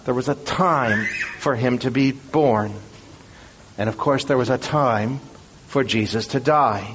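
A man preaching a sermon in an earnest, measured and emphatic way. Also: a little high, fairly bright tone.

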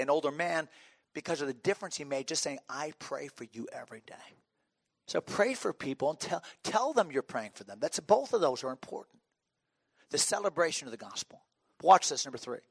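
A man's voice: on the high side, creaky, fairly bright tone, no echo. A middle-aged man preaching a sermon as a pastor, telling stories with humor and frequent restarts. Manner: conversational, humorous storytelling with restarts.

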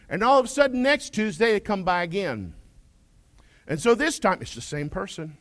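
A male pastor delivers a folksy sermon with a fairly high voice that rises and falls dramatically. He booms out declarations, drops to quiet asides, and keeps throwing questions at his congregation. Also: big pitch swings, moderate pace. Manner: swings between loud declarations and quiet asides.

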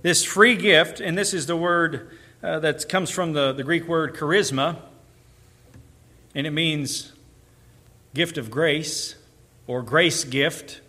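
A man's voice: on the high side, slow pace, long pauses, bright, forceful tone. A man preaching a sermon, explaining the text and building with emphatic repeated phrases. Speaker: pastor.

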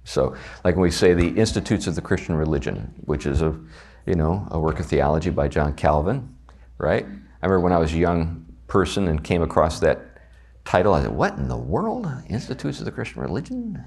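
Deep-voiced Southern man teaching a Bible class. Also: brisk. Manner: conversational, animated, asks the class questions. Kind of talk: teaching a class on a confession of faith.

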